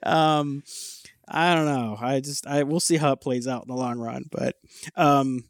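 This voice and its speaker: A podcast co-host chats casually, telling stories as an animated storyteller who laughs often and swears casually. He has a medium-pitched voice and a measured pace. The recording is dry and studio quality.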